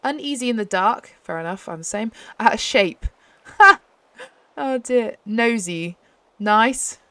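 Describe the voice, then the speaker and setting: A young woman host chatting excitedly as she plays a game, often laughing. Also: on the high side, slow, no room sound. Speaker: gaming channel host. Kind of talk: casual gameplay commentary.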